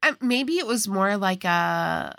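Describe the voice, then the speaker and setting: A woman's voice: mid-range voice, lively intonation, slow pace, gravelly, a bit bright, no echo. A woman co-hosting a podcast, chatting casually as she explains the plot of a movie. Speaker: podcast co-host. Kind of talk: casual chat recapping a movie.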